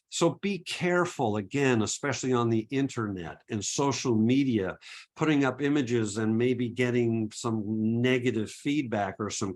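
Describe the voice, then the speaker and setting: A middle-aged man presenting a photography webinar, talking in an earnest, encouraging way with many rhetorical questions and repeated words. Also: medium pitch. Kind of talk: webinar talk.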